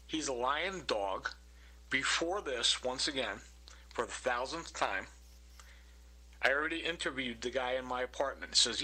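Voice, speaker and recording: A man's voice: medium pitch, animated, normal speed, bright, forceful tone, low-quality recording. A man narrating over his own recordings, indignant and accusing, repeating his complaint.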